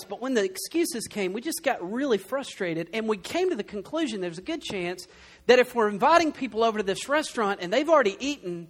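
A young adult man preaching a conversational sermon, telling stories with animated humor. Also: very high voice. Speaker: pastor.

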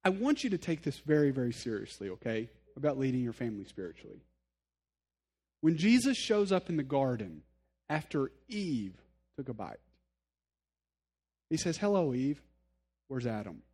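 A man's voice: mid-range voice, big pitch swings, moderate pace, long pauses, darkish tone, slightly rough. A male pastor giving a sermon in a conversational, earnest way, speaking straight to his listeners and poking fun at himself. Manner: conversational, self-deprecating humor; addresses listeners directly, earnest.

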